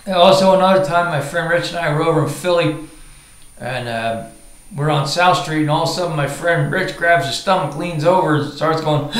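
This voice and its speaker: A man's voice: on the high side, lively intonation, fairly quick, a bit bright, roomy sound, low-quality recording. A man telling a crude comic story from the bathroom, rambling and swearing, with many filler words. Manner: rambling, profane, lots of uh fillers.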